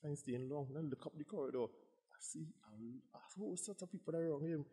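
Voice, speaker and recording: A Trinidadian man, a bodybuilder guest, telling stories in an animated, casual way and acting out what others said. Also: on the high side, fast, slightly rough, big-room sound. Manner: animated, acts out quotes. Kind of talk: casual storytelling.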